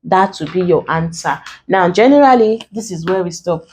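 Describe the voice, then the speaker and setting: A woman's voice: lowish voice, animated, moderate pace, darkish tone, slight background noise. A woman teaching an exam prep lesson, going through the steps one at a time and repeating the key points. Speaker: exam tutor.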